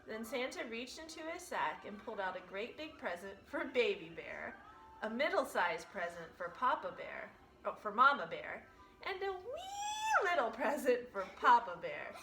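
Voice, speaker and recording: A woman teacher reads a storybook aloud with lively rises and falls. Her bright voice is expressive and full of animated storytelling. The room is echoey, with faint music behind. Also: a little high, normal speed. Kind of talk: reading a picture book aloud.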